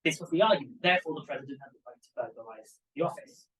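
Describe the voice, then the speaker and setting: A young man, a PhD student, giving an academic conference talk in an animated, emphatic way with asides to the audience. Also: mid-range voice, racing, recorded from a distance, poor audio. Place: conference room.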